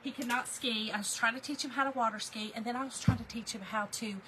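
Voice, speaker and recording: A woman's voice: on the high side, steady tone, fast talker, a bit bright, a little hiss or hum, poor audio. A middle-aged woman, chatting folksily while she crafts, laughing often and answering viewer comments. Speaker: craft livestream host. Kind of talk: casual livestream chat while crafting.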